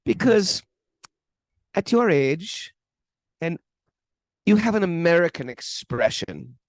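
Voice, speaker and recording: A man voicing an elderly male monk with a German accent, who gives blunt advice in a slow, kindly way. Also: fairly high pitch, big pitch swings, no echo, pitched above the performer's own voice, exaggerated voice. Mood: gently warning.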